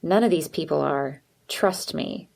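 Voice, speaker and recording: A woman's voice: sits low, a little slow, vocal fry, darkish tone, exaggerated voice. A woman voicing a blunt, sarcastic teenage girl. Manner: sarcastic, direct.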